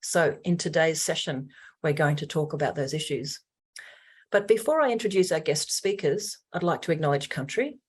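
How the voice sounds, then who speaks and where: A woman's voice: deep voice, animated, normal speed, breathy edge. A woman with an Australian accent hosting a webinar, giving an earnest formal introduction with frequent ums and uhs over a video call. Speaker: webinar host.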